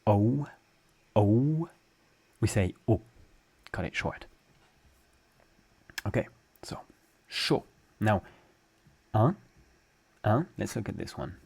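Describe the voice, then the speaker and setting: A man's voice: on the low side, big pitch swings, slow, gravelly, pauses often, slightly rough. A man with a French accent, a French teacher giving a casual spoken lesson, joking as he explains and drawing out example sounds. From France.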